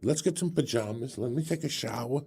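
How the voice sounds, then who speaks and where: A man in his sixties tells a rambling, profane story on a podcast. His voice is gravelly and husky with a dark, mellow tone. He drops swear words freely and chuckles between the lines. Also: mid-range voice, a little fast. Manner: profane, animated, laughs through his stories.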